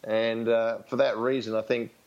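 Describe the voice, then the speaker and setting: A man's voice: mid-range voice, level tone, moderate pace, a little mellow, highs cut off. An Australian man speaking as a tennis coach in an interview, frank and rambling, with many fillers and restarts. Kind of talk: casual interview storytelling.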